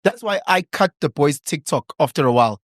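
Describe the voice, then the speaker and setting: Chatty co-host. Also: male voice, fairly high pitch, animated, no echo, clean studio sound. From South Africa. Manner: chatty, quick reactions and interjections. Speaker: podcast co-host. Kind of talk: casual podcast chat.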